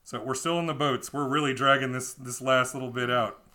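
A man's voice: mid-range voice, fairly even intonation, brisk, a crowd in the background. A man co-hosting a comedy podcast, reading a children's book aloud with wry, amused asides.

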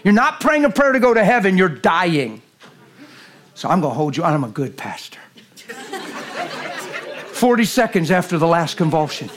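A man preaching a sermon in a church, animated and jokey, swinging from loud bursts to hushed lines. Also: sits high, moderate pace, pauses often, a faint crowd. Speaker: guest preacher.

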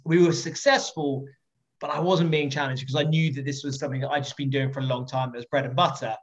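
A man being interviewed as a podcast guest, telling anecdotes in a lively, jokey way with swearing and laughter, in a muffled lo-fi recording. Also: a little high.

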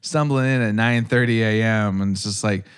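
Laid-back rambling man, low voice. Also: steady tone, moderate pace, smooth. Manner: rambling, laughs often, many fillers. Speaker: podcast co-host. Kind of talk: casual chat.

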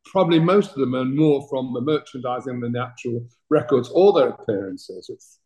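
A man's voice: medium pitch, expressive, normal speed, a little mellow. Older British man telling stories, echoey room. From Britain. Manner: chatty, laughs through his stories. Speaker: guest, talent manager. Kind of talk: anecdotal interview storytelling.

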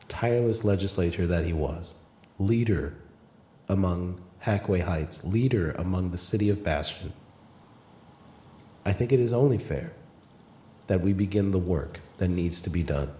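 A man's voice: low voice, echoey room, dull audio, slight background noise. A man voicing a woman politician giving a grand, pompous campaign speech for a tabletop game. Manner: pompous, slow oratory.

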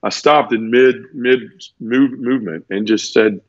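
A man's voice: mid-range voice, measured pace, no room sound. A man telling a personal story as an interview guest, earnest and teary, often repeating words and restarting his sentences. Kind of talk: emotional personal storytelling in conversation. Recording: dull lo-fi dry sound.

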